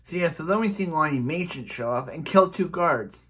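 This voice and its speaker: A man's voice: a little high, animated, moderate pace, a bit bright, husky. A man casually recapping a TV episode, rambling with many restarts and "he's like" retellings. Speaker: TV episode reviewer.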